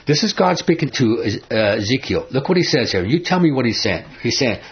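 A man's voice: medium pitch, sing-song, a little fast, slightly rough. Guy teaching bible study, punchy and conversational, kinda muffled lo-fi sound. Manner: emphatic, conversational, asks the listeners questions. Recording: dull lo-fi recording.

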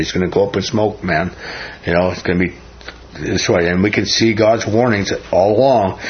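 A man's voice: fairly low pitch, muffled recording. A man teaching a Bible chapter verse by verse in a folksy way, often asking "right?" and laughing.

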